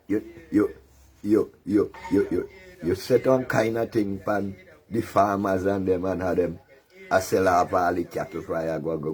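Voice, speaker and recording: Host, male, Caribbean creole accent, low husky voice, mocking and preachy. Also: darkish tone. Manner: taunting, sermonizing, laughs at his target. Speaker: commentary show host. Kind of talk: mocking political commentary.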